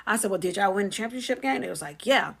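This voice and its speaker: A woman's voice: medium pitch, lively intonation, fast, gravelly, a bit bright, breathy edge. A woman vlogger telling a childhood story in a chatty, slangy way, acting out her family's lines as she goes. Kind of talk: casual storytelling to camera.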